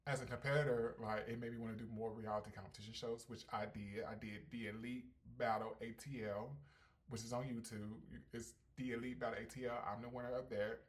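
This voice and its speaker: A ballroom performer hosting a casual Q&A vlog, brash and sassy with heavy slang, swinging between loud hyped bursts and calm reflection. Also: medium pitch, brisk. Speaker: ballroom performer and channel host.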